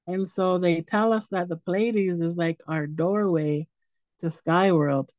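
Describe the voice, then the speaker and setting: A woman's voice: fairly low pitch, no echo, highs cut off. A woman in her forties giving a casual online presentation, telling stories loosely with lots of fillers. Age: 40s. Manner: relaxed storytelling with fillers like "um" and "like".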